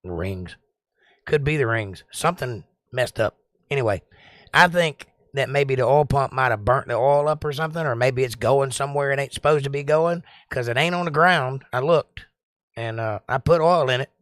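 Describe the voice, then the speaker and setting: A man's voice: mid-range voice, normal speed, a bit bright, no room sound. A man from Georgia with a Southern accent, hosting a casual livestream, reading chat comments and rambling with jokes. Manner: rambling, joking, drawling. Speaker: livestream host.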